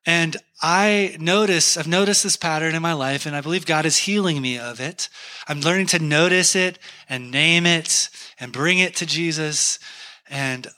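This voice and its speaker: Bright-toned man preaching a personal story. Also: a little high, normal speed. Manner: candid, self-deprecating storytelling. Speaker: pastor.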